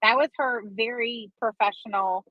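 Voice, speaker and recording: A woman's voice: fairly high pitch, moderate pace, no echo. A woman telling a long gossipy story in a casual, dramatic and profane way, dragging out her fillers. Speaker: online commentator. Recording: dull lo-fi sound, dry.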